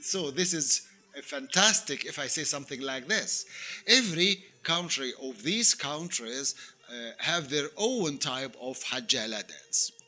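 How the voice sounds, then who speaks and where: A man's voice: mid-range voice, lively intonation, a little slow, bright, forceful tone. A man, talking to camera in a casual vlog as a dance teacher, hesitant with many fillers and self-corrections.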